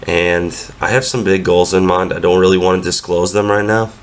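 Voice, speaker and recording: A young man narrates over his own training clips in an easygoing, matter-of-fact way. His voice is deep and sits fairly level, with little rise and fall. A cold has left him sounding stuffed up through the nose. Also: fairly even intonation, moderate pace. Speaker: powerlifter vlogger.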